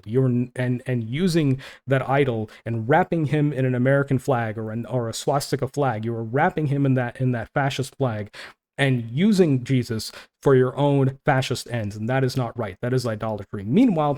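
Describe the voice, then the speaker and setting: A man talks through a topic in loose, heated commentary, dropping in "man" and "dude" as he goes. His voice sits at an ordinary middle pitch, and the delivery stays conversational and passionate. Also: darkish tone. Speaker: online Christian commentator. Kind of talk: casual commentary, reading quotes aloud.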